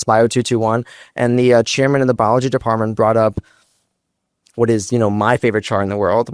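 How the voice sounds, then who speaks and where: Animated and fast, a young American guest speaker who founded a startup tells stories on stage to a large live crowd, performing the quotes himself. His mid-range voice has no room sound and clean studio audio.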